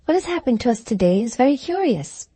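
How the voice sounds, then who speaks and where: Storybook role: woman voicing a wealthy young lady, coaxing, lifted pitch, mellow tone. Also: big pitch swings, a little fast, breathy edge, dry recording. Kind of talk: audiobook character reading.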